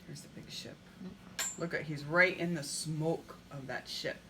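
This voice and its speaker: A woman's voice: sits low, fairly even intonation, a little slow, sharp tone, a little hiss or hum. A woman reading a children's picture book aloud, stopping often to ask the listener questions. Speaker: storybook reader.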